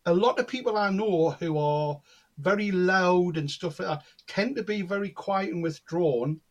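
A man with a high-pitched voice and moderate pace, a guest who works as a cold reader, tells anecdotes in casual conversation. He's an animated storyteller who acts out the dialogue within them.

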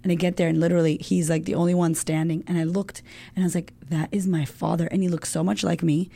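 A young woman from the United States talks frankly as a guest, with a gravelly edge in her voice. Her tone is dark and mellow. She swears freely and keeps saying "like" in a loose, candid storytelling chat. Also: lowish voice, flat delivery, fast. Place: home in Australia.

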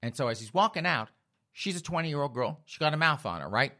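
A man's voice: a little high, expressive, brisk, pushed and bright. A man ranting through a mocking comic story, addressing his audience as folks. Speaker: comedian.

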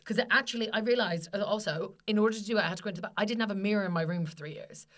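A woman's voice: medium pitch, very fast. A woman co-hosting a podcast, chatting casually and emphatically, swearing freely. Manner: sweary, emphatic, laughs often. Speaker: podcast co-host. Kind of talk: casual chat.

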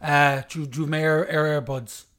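A man's voice: fairly high pitch, level tone, normal speed, fairly bright tone. A young man, co-hosting a podcast in casual chat, ranting playfully with lots of swearing, a little tipsy. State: slightly tipsy. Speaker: podcast co-host.

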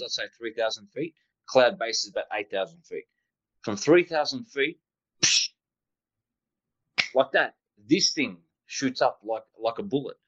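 A man tells his story in a casual, excitable rush, stumbling over restarts and throwing in little sound effects as he goes. His voice sits at an ordinary middle pitch. The recording sounds dull and lo-fi. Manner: animated, rambling, with sound effects. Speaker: guest pilot recounting a sighting.

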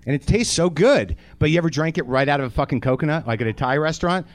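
A man's voice: fairly high pitch, animated, quick pace. A man hosting a live comedy show, doing a profane, self-deprecating stand-up rant straight to the audience from a theater stage. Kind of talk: stand-up monologue.

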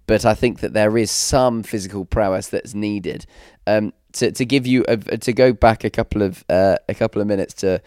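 A man's voice: fairly low pitch, steady tone, normal speed, hardly any pauses, darkish tone, smooth, no echo, studio quality. A man co-hosting a podcast, telling a story in casual chat with hesitant restarts. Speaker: podcast co-host.

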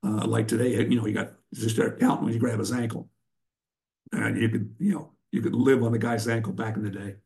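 A man's voice: lowish voice, steady tone, brisk, vocal fry, darkish tone. An older man, a wrestling coach and guest, giving blunt, emphatic instruction and telling sarcastic stories in an interview.

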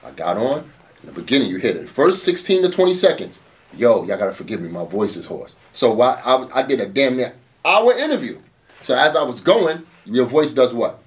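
A man who runs a battle rap league, telling stories in a casual interview, animated and swearing often. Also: medium pitch, a little fast, recorded from a distance. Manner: animated storytelling, frequent swearing and "you know what I'm saying".

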